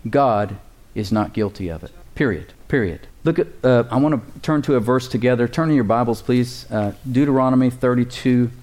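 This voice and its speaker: A man's voice: medium pitch, a little fast, a little mellow. A man preaching a sermon as pastor, conversational and joking, building up emphasis in places.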